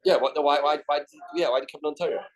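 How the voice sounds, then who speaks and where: A slightly high, steady male voice races through a daily Talmud lesson. The Canadian teacher reads the text aloud in a study hall, explains it in English, and acts out the dialogue along the way.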